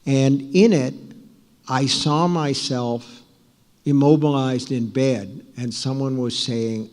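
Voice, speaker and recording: A man in his sixties tells stories on stage in a relaxed, anecdotal way, with dry self-deprecating humor and plenty of restarts. His voice sits at an ordinary middle pitch. The recording carries the long reverb of a large hall. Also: slow pace. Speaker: author speaking to an audience. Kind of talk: live storytelling talk.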